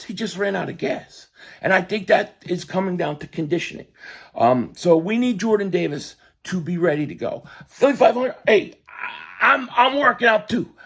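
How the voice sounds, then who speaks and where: A man hosting a fan sports show, ranting excitably and yelling at times, his voice going hoarse. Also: high-pitched. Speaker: sports podcast host. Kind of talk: fan commentary live stream.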